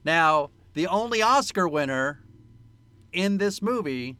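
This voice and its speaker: A man's voice: a little high, expressive, slow, pushed and bright, clean tone, no echo. A man co-hosting a podcast, chatting casually and joking about a movie, laughing often. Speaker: podcast co-host. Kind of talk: casual movie-review chat.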